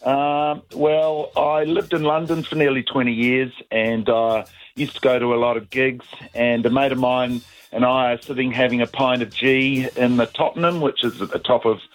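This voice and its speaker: A man's voice: medium pitch, fairly even intonation, normal speed, faint music behind, rough recording. A middle-aged man with a New Zealand accent, calling into a radio show to tell a story, easygoing with lots of fillers and restarts. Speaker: caller. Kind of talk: casual anecdote on talk radio.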